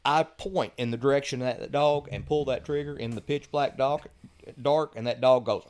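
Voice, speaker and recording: A middle-aged man, telling lively stories as a podcast guest and chuckling at the punchlines. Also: medium pitch, normal speed, slight background noise. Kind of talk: casual storytelling.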